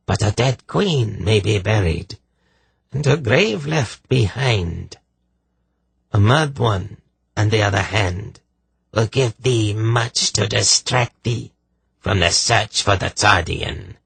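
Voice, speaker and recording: A man voicing a rasping, menacing sorceress. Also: lowish voice, expressive, takes it slowly, fairly bright tone, no room sound, pitched above the performer's own voice, heavily acted. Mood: menacing taunt. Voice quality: harsh, rasping voice with a peculiar accent. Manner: archaic, menacing and taunting. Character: malevolent sorceress speaking through a possessed queen. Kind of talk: audiobook reading.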